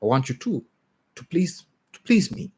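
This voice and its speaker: An impulsive, gushing rich young woman, put on by a man reading a story, her voice lifted well above his own deep register. She speaks eagerly with a breathy, pleading tone. A husky edge stays under the sound. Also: very animated, moderate pace, warm tone. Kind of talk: reading a short story aloud.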